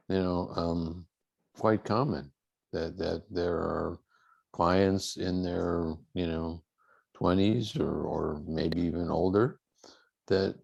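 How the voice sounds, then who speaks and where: A man's voice: sits low, creaky, darkish tone, no room sound. A man hosting a casual discussion, hesitant and searching for words with many fillers.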